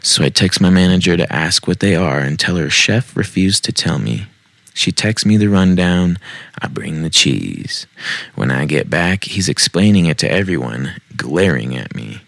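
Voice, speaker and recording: Man, podcast host, low creaky voice, dry sound, casual read-aloud, jokey asides. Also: lively intonation, moderate pace, fairly bright tone, no echo. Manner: joking asides, self-mocking. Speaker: podcast host reading online posts. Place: home basement.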